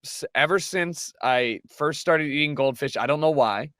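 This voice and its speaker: A man's voice: fairly high pitch, normal speed, fairly bright tone, no room sound. A man in a casual podcast chat, with a slightly raised voice and a dry, close sound. He talks sheepishly, a little unsure of himself as he explains. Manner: sheepish, explaining a quirky habit.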